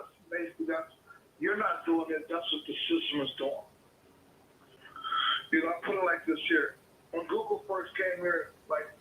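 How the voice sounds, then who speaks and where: Combative profane caller in an echoey room. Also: male voice, fairly high pitch, sharp tone, slight background noise. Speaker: caller, homeowner. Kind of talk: heated phone argument.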